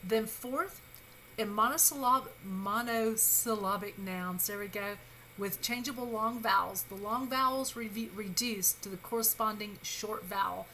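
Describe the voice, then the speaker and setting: A woman instructor leads a recorded grammar lecture in a bright, clear, medium-pitched voice. She sounds patient and reassuring, pausing on fillers and correcting herself quickly. The recording is rough, with a faint room hum behind her.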